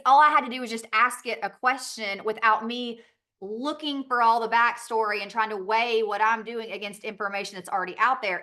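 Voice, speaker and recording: A woman's voice: on the high side, sharp tone. A woman with a Southern US accent giving a chatty training talk on a team call, laughing often and acting out little quoted exchanges.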